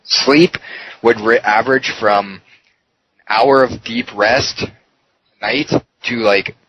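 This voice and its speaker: Taking it slowly in a mid-range voice, a man on a podcast recounts a heated episode full of profanity, quoting the dialogue as he goes. Crowd noise is present, and the lo-fi audio sounds dull with a faint hiss.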